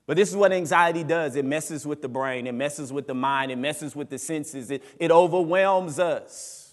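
A man's voice: a little high, steady tone, moderate pace. Preaching man in a reverberant hall. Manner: emphatic preaching with dramatic rises and drops. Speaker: pastor. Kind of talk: sermon. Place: church sanctuary.

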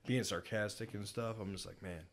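A man's voice: fairly low pitch, fairly even intonation, brisk, a little hiss or hum. A man from upstate New York, a Navy chief guest on a podcast, telling profane, joking stories in casual chat. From upstate New York, USA. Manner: profane, joking storyteller who acts out both sides of his anecdotes.

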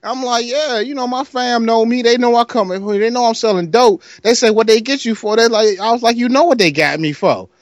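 A man with a Detroit accent and a notably high voice tells a rambling story. He plays the other voices as he goes, and the sound is dry and close. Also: brisk, few pauses, no echo, muffled recording. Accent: Detroit, Michigan. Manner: animated storyteller, acts out other voices, laughs often. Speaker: podcast co-host telling a story. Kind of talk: casual storytelling chat.

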